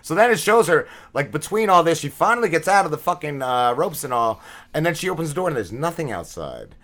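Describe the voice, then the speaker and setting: Man, podcast co-host, bright tense tone, loose profane rambling recap. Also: on the high side, big pitch swings, fairly quick. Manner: rambling, profane, many fillers and restarts. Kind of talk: casual episode recap.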